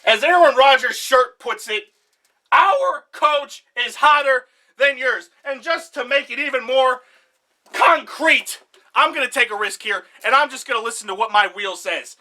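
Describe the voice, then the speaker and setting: A young man giving a mock-serious comedic presentation, passionate and out of breath, bursting into shouts. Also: very high-pitched, normal speed.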